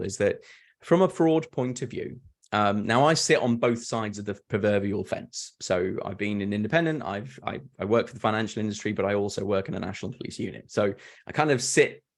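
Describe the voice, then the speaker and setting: Man, lowish voice, earnest and animated, video-call talk. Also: fairly quick. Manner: earnest, animated, restarts and repeats words. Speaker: fraud prevention speaker. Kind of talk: webinar fireside chat.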